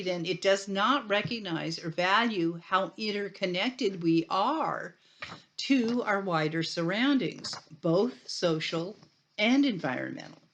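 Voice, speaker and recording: A woman lecturer talks a class through the material in a loose, conversational way. She restarts her sentences, drops in fillers and throws in emphatic asides. A faint hiss sits under the recording. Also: on the low side.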